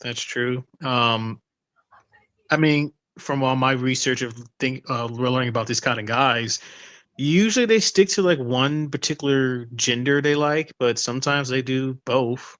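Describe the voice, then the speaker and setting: A man's voice: mid-range voice, unhurried, a bit bright. A man in a casual livestream chat. He is laid-back and agreeable and drops in short replies. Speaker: guest co-host.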